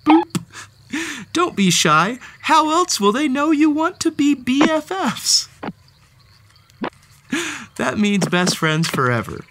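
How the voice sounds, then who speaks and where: A woman's voice: high voice, sing-song, slow pace, pauses often, noisy background. Playful woman reading a storybook. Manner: playful, theatrical, talks to the character with gasps and exclamations. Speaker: storybook reader. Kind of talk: children's read-aloud storytelling.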